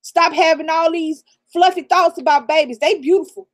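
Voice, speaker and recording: A woman's voice: very high voice, fairly even intonation, normal speed. A middle-aged woman raised in the American South, co-hosting a casual live stream and giving blunt, profane advice with laughter. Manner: blunt, profane, preachy real talk with laughter. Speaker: channel co-host.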